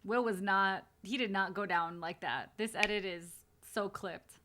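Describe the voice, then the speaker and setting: A woman's voice: mid-range voice, unhurried, background noise. A woman streamer giving casual, blunt reaction commentary while hosting a watch party, talking with frank, chatty swearing.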